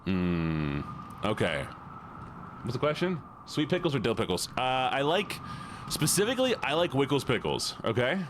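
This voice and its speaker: Playful male streamer with a lively voice. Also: medium pitch, moderate pace, noisy background. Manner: playful, reads viewer messages aloud and answers them. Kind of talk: casual live-stream chat while playing a game.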